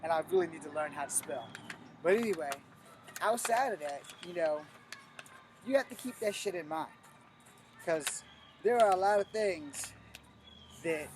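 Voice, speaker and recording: A man's voice: on the high side, a little hiss or hum. A middle-aged man, a martial arts instructor, giving a blunt, profane, emphatic teaching talk on a live stream.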